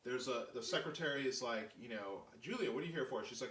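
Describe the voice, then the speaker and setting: A man hosting a live stream, also an artist, tells a story in casual chat, animatedly acting out the voices of the people in it. He talks fast in a medium-pitched voice, and the sound is roomy, recorded from a distance.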